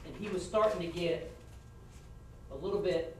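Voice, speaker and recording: A man's voice: on the high side, normal speed, a little mellow, a little hiss or hum. A middle-aged man, frankly critiquing students after a mock trial. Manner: frank, folksy, acts out example questions. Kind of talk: spoken feedback to students. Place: classroom. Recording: echoey classroom from far off.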